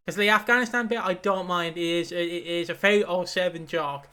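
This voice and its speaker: A man's voice: sits high, pushed and bright, clear, resonant tone. A man co-hosting a wrestling podcast in casual chat, rambling and swearing freely. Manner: swearing, rambling, quick asides. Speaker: podcast co-host.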